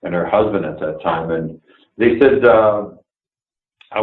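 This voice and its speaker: Low-voiced older man on a tinny line. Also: moderate pace. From Canada, Toronto. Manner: blunt, swears freely, acts out quoted dialogue, chuckles through stories. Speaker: interview guest, actor. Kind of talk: storytelling anecdotes in a remote interview. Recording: echoey room over a tinny phone-like line.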